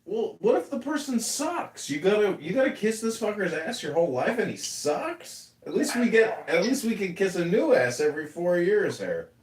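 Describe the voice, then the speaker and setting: Rambling profane man with lively pitch. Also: moderate pace, few pauses. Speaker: podcast host and congressional candidate. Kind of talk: casual chat. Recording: echoey room, distant mic.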